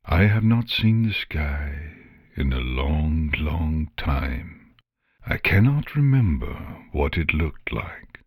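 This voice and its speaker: A man voicing an old, blind male basilisk who speaks slowly and carefully in a dry, rustling voice. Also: deep voice, expressive, slightly rough, no echo, exaggerated voice. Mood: weary. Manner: slow and careful.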